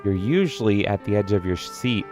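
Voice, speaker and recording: A man streaming from home, chatting casually as he reads out viewer comments, excitable and swearing, often jumping into loud silly voices. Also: fairly low pitch, moderate pace, music in the background.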